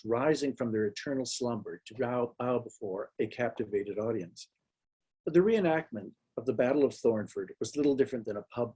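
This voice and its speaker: A man reading his own fiction aloud at a live literary event in a small hall, measured and dryly wry. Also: mid-range voice, dark tone, slightly rough.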